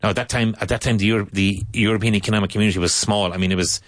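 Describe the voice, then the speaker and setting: A man with an Irish accent explaining patiently in casual talk, pausing to search for words, as a teacher. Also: on the low side, fairly even intonation, no room sound.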